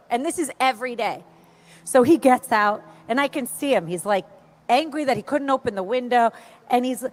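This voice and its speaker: Animated high-voiced woman telling stories. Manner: animated, acts out quoted voices. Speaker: speaker at an event. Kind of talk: storytelling speech to a crowd.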